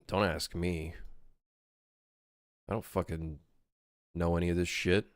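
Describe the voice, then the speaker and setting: In a clean, echo-free studio recording, a man in his late twenties speaks in a deep, steady, slow voice. He's a game developer livestreaming while he works, casually reading chat aloud and rambling with lots of swearing.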